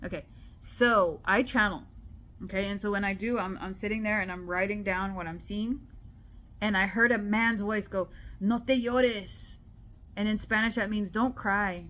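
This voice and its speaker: A woman telling a personal spiritual story to camera in an animated, chatty way. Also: mid-range voice, moderate pace. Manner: animated, chatty, acts out quoted voices. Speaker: spiritual vlogger. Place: indoor room at home.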